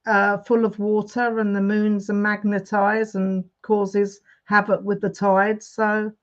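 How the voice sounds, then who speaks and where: A woman's voice: medium pitch, flat delivery, slow pace, muffled recording. A woman co-hosting a casual live stream, chiming in with short quips and laughing along. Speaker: co-host.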